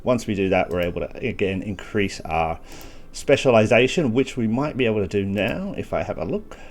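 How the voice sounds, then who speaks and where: Male gaming host, lowish voice, casual walkthrough narration, self-mocking, has the hiccups. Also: animated, fairly quick. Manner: casual, thinking aloud with self-deprecating asides. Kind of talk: gameplay walkthrough commentary.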